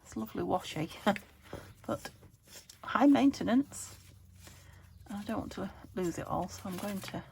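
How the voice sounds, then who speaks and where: Croaky, gravelly British woman chatting while crafting. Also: medium pitch, lively intonation, measured pace, long pauses, a little mellow, slight background noise. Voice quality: a bit croaky. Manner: chatty, talks to her materials, murmured asides, frequent laughs. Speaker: craft channel host. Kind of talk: casual chat while crafting.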